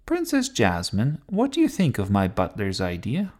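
A man's voice: fairly low pitch, huge pitch swings, moderate pace, darkish tone. A man voicing an imperious, fussy queen in a children's story, speaking in a lofty, commanding way.

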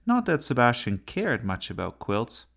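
A man narrating a children's story with a gentle, unhurried reading style. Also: mid-range voice, huge pitch swings, vocal fry.

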